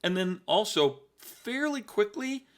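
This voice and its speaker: Man explaining in halting casual chat. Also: high-pitched, sing-song. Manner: explanatory, halting with repeated words. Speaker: podcast co-host.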